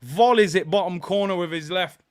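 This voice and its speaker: Young guy hosting a football watchalong, high bright voice, smooth, shouts out chat names. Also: moderate pace. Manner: excitable, shouts and cheers at goals; gives shout-outs to chat viewers. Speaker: watchalong host.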